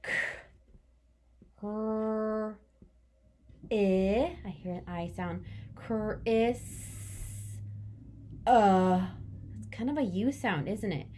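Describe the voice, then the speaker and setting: Young woman teacher for small children; slow, cheerful sing-song delivery, sounds out words letter by letter, mid pitch. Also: dark tone, slight background noise. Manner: cheerful, praising, speaks to children as friends. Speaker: kindergarten teacher. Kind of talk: remote lesson for young children.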